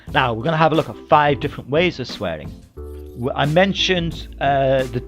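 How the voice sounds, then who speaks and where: A man giving a casual, blunt spoken essay to camera, explaining ideas and swearing freely as he goes. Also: mid-range voice. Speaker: vlogger.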